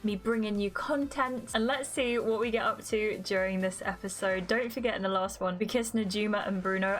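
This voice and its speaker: A woman's voice: medium pitch, fairly quick, few pauses, faint music behind. A young woman giving chatty, self-mocking commentary as she plays a dating game on her channel. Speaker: gaming YouTuber. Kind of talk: casual gameplay commentary.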